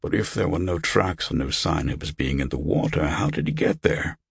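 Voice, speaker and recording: A man voicing a grave older abbot who asks hushed questions in a storybook reading. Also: extremely low pitch, moderate pace, creaky, breathy edge, no room sound, exaggerated voice.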